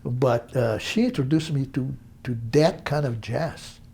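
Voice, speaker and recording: An older man from Brazil with a Brazilian accent, telling stories in an interview in an animated, halting way. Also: mid-range voice, slightly rough. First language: Portuguese. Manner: animated, halting, acts out voices in quotes. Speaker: interview guest, musician. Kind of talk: storytelling interview.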